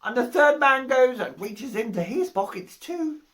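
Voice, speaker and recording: High lively woman telling a rambling joke. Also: a little slow. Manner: rambling, giggling joke-teller. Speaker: comic storyteller. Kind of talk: comic Christmas speech.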